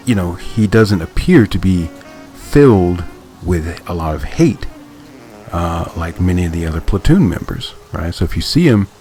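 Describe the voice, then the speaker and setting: Low-voiced man analyzing comics casually. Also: mellow. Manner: thoughtful, filler-heavy, speaking in short restarted phrases. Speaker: podcast host.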